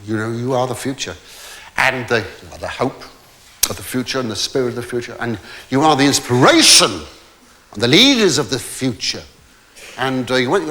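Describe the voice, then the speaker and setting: A man's voice: mid-range voice, bright, forceful tone, slight background noise. An older man telling a rambling comic story on stage in a debating hall, stammering with false starts and theatrical asides. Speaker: stand-up comedian.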